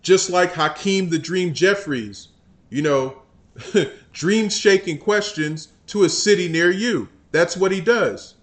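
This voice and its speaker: A male host rants his political commentary in a scornful, exasperated voice and keeps restarting his sentences. His speaking voice sits slightly high for a man. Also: takes it slowly.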